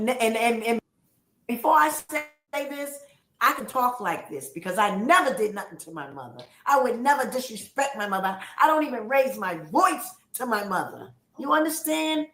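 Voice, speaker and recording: On a livestream, a middle-aged woman launches into a heated, emotional rant, accusing others and repeating her points. Her voice is fairly high and a bit bright, with a roomy echo in the recording.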